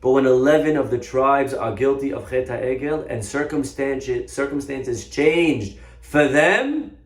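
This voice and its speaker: A man giving a storytelling sermon, animated, often restarting his sentences. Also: medium pitch, measured pace. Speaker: Torah teacher. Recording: echoey room.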